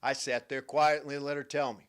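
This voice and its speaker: An older man, hosting a talk show as a therapist, telling stories emphatically and swinging from hushed to loud. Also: mid-range voice, flat delivery, fairly quick, clear, resonant tone. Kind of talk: radio-style talk monologue.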